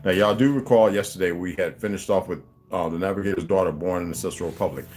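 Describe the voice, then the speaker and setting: A man hosting a casual stream from home, talking straight to his viewers in a loose, profane, animated way before reading a book aloud. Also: deep voice, fast, faint music behind. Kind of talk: casual livestream chat. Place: home room.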